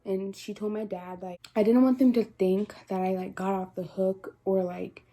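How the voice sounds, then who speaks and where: A woman's voice: medium pitch, steady tone, normal speed, warm tone. A teenage girl vlogging, chatting through a personal story with lots of "like" and quoted dialogue, close to crying. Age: teens. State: near tears. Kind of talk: casual storytelling to camera.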